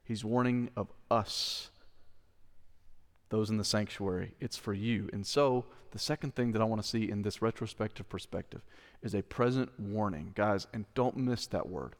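A man's voice: fairly low pitch, moderate pace, in a large hall. A male pastor preaching a sermon. He speaks earnestly and with emphasis, repeats key phrases and asks the congregation direct questions. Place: church sanctuary.

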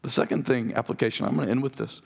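Raspy pastor guy preaching to his church, gravelly, earnest and direct. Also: mid-range voice, fairly even intonation, racing, a little mellow. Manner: earnest, direct, talks straight to the congregation. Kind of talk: sermon. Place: church sanctuary.

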